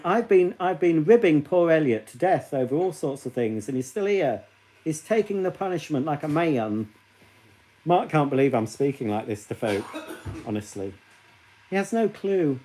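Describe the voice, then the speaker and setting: Casual male streamer, mellow voice, gossipy and teasing, talking straight to his viewers. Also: on the high side. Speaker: livestream host. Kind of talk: casual live-stream chat.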